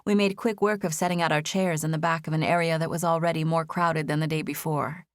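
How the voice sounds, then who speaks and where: A woman with a lowish voice reads a first-person novel aloud in a gentle, expressive way. The recording is close and dry, with no room sound, and she stays measured and warm in her storytelling. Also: no echo. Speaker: audiobook narrator. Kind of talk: scripted first-person narration.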